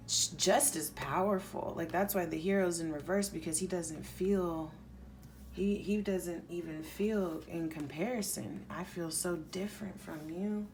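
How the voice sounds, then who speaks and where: A woman with a lowish voice gives a pick-a-pile tarot reading at an unhurried, drawn-out pace. Her talk is casual and rambling, full of "like". A steady background noise sits clearly under the recording. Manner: casual, rambling, heavy use of "like". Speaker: tarot reader.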